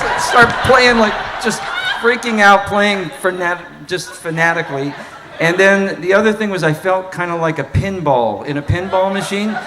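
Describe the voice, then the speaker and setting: A man, a saxophone player, telling an animated story at a live Q&A and laughing as he goes. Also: on the high side. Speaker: saxophonist guest.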